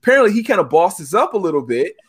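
High, lively man swearing through a story. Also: quick pace, slightly rough. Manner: profane, emphatic, animated. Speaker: paintball team leader. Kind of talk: casual storytelling chat.

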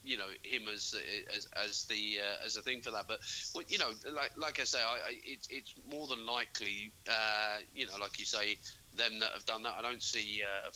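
A man's voice: on the low side, steady tone, normal speed, pushed and bright, a little hiss or hum, low-quality recording. A man, co-hosting a casual sports podcast, talking hesitantly with many fillers and restarts. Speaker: podcast co-host. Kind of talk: casual chat.

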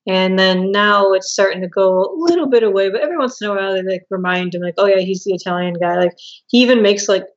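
A woman's voice: medium pitch, fast talker. Female podcast co-host, casual and chatty, slightly muffled mic. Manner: chatty, laughing, acts out quotes. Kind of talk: casual chat.

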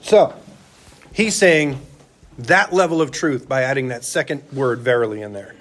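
A man's voice: medium pitch, moderate pace, fairly bright tone. A man preaching a sermon as a church elder, talking conversationally and asking his listeners rhetorical questions.

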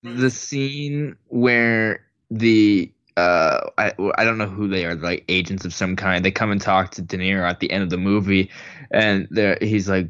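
A man's voice: low voice, moderate pace, fairly bright tone, no room sound. A man co-hosting a casual film discussion podcast, laid-back, laughing as he retells scenes. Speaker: podcast co-host. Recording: dry, slightly dull audio.

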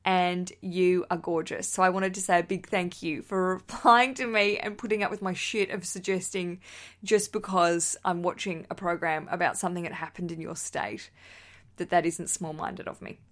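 She speaks on the low side, in a level, fairly bright tone at normal speed. The Australian host, likely in her thirties, reads listener messages on her wedding podcast, bubbly and chatty, with plenty of laughter and casual swearing.

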